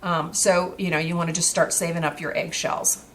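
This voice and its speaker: Lady with a lowish voice chatting through a craft tutorial, lots of ums, bit of hiss in the background. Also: level tone, moderate pace, a bit bright. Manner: chatty, with many fillers and restarts while working.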